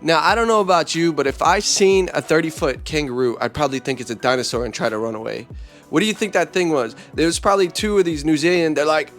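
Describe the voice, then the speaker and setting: A man hosting a comedic vlog in an energetic, joking, slangy way. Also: on the high side, quick pace, soft background music. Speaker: host.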